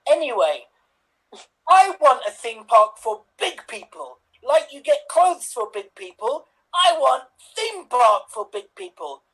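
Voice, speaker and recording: A big, gentle, clumsy giant, as a man puts him on, speaking in simple, broken sentences with a childlike plainness. He sounds sad and friendly at once, in an improv comedy skit. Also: extremely high pitch, full character voice, poor audio.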